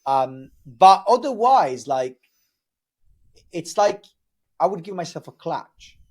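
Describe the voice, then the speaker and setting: Italian-accented male guest, upbeat and candid, a bit husky in tone. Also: fairly high pitch, slow pace. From Italy. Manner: energetic, frank, lots of restarts. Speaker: sales trainer guest. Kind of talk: casual podcast chat.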